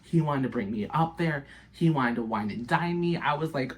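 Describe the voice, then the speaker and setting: A woman vlogger telling a story to her viewers, animated and breathless, swearing constantly. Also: extremely low pitch, normal speed, few pauses. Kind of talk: casual storytelling to camera.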